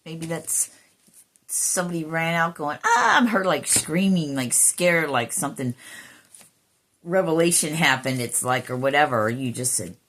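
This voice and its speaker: Woman, low voice, spiritual card reading, emotional, soft whispers, casual swearing. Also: normal speed. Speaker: intuitive card reader.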